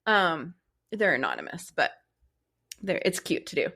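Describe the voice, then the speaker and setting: A woman's voice: fairly low pitch, a little slow. A young adult woman co-hosting a podcast, chatting casually and telling a funny story with lots of laughter. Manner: chatty storyteller, laughs often, animated retelling. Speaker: podcast co-host. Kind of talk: casual chat.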